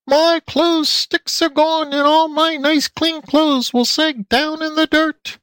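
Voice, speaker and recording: Man doing a squealing pig mother, very high falsetto, slow drawn-out wails, storybook voice. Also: little pitch movement, fairly bright tone, dry recording, heavily acted. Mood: fretful. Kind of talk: storybook reading.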